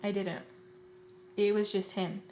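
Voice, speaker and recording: A woman's voice: medium pitch, flat delivery, warm tone, a little hiss or hum. Woman telling a story in an echoey room. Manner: emotional, rapid retelling full of "like". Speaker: storytime vlogger. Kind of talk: casual storytime while doing makeup. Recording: roomy echo.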